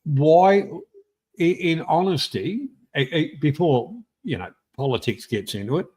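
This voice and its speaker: An older man jokes and needles his friends in a high-set voice. He mocks and teases with loose, rambling banter. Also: expressive, a little slow, a little mellow, husky. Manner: jokey, needling, mocking banter. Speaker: show co-host. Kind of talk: casual chat.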